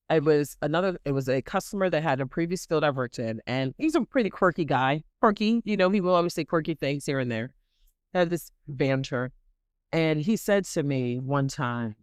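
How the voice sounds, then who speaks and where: A woman hosting a podcast who gives an animated, dramatic motivational faith talk and repeats points for emphasis. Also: low-pitched, dry recording, clean studio sound. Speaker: podcast host.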